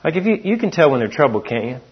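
A man's voice: on the high side, big pitch swings, racing, husky, lo-fi sound. A man preaching a sermon in a folksy, storytelling way. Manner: folksy storytelling, acts out quotes.

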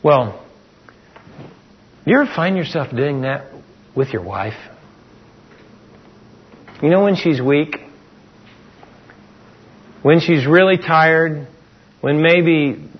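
A middle-aged man preaches in an easy, talky way, asking his listeners question after question. His voice sits a little high for a man and has a husky edge. The recording is dull and lo-fi. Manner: conversational preaching with rhetorical questions and acted-out quotes. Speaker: pastor. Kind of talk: sermon.

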